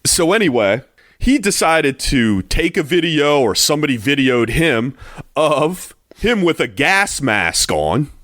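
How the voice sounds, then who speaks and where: A man's voice: fairly high pitch, very animated, measured pace, fairly bright tone, no echo, clean studio sound. A man co-hosting a podcast in casual chat, blunt and profane as he mocks people. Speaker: podcast co-host.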